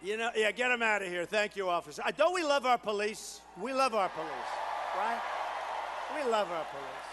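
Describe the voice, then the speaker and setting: A man giving a campaign rally speech, boastful and repetitive, riffing to the crowd and building to shouted crescendos. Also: high voice, sing-song, normal speed, long reverb tail, noisy background. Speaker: political candidate at a rally.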